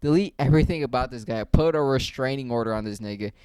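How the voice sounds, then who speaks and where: A man's voice: mid-range voice, fast talker, a little mellow, clear, resonant tone, no echo. A young man giving ranting commentary, profane and heated, firing off rhetorical questions. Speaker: online commentator.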